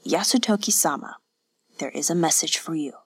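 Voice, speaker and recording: A woman voicing a frightened, servile innkeeper's wife who speaks humbly and softly. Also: deep voice, normal speed, husky, dry recording. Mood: apologetic. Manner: humble, apologetic, soft.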